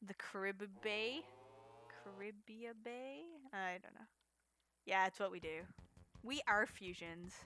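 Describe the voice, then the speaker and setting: A woman's voice: medium pitch, slow, bright, forceful tone. A woman streamer giving chatty, casual commentary as she plays a game for a charity marathon, reacting to chat and laughing often.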